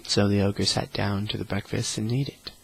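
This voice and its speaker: A man reading a fairy tale aloud in a slow, flat, monotone way meant to lull listeners to sleep. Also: on the low side, gravelly, husky, rough recording. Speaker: storyteller. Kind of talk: monotone bedtime story reading.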